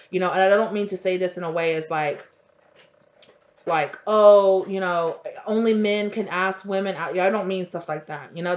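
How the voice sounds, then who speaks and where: A woman giving a casual spiritual tarot reading, rambling with lots of fillers and restarts. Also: on the low side. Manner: rambling, filler-heavy, conversational. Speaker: tarot reader. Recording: dull lo-fi audio.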